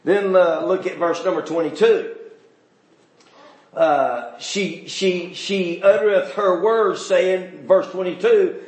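A man preaching a sermon, calling out to the congregation and asking them questions, swinging between shouting and quiet asides. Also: sits high, slow, roomy sound. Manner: fervent, calls out to the congregation and asks them questions.

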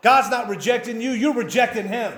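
A fiery pastor preaching to his church, his voice pitched high for a man and ringing through a roomy, echoing hall. He pleads and warns in a folksy drawl. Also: brisk, a bit bright. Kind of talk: sermon.

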